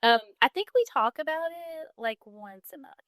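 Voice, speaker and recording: A woman's voice: sits high, expressive, moderate pace, a bit bright, dry recording, clean studio sound. A woman hosting a podcast, chatting casually and joking with her guest. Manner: joking, playful interjections. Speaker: podcast host.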